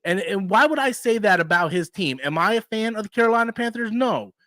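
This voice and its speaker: A man's voice: high-pitched, expressive, fairly quick, bright, forceful tone, dry recording. A man in his forties hosting a casual live stream, ranting animatedly and swearing freely. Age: 40s.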